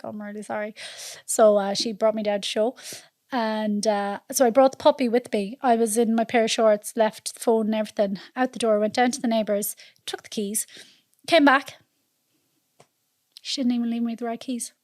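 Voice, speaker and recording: Irish woman guest spinning travel yarns, high voice, dry close sound. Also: a little fast, no echo. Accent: Irish, Mayo. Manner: lively, chatty, often laughing. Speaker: podcast guest. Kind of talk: casual storytelling chat.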